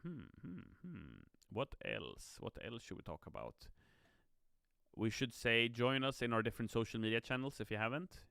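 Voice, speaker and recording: A man's voice: medium pitch, very animated, fairly quick, creaky, bright, forceful tone, smooth, no room sound, studio quality. A tired, yawning man chatting upbeat on a live stream as a game community manager, reading viewer comments aloud. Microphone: streaming mic.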